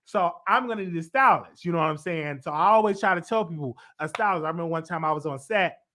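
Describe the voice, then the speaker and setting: A man with a bright, sharp-edged voice hosts a celebrity gossip show, delivering blunt, opinionated commentary. He talks in an animated way, his pitch leaping high whenever he stresses a point. A slight congestion sits in his voice throughout. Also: quick pace, slight background noise. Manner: animated, swoops up high for emphasis. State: congested, stuffy voice.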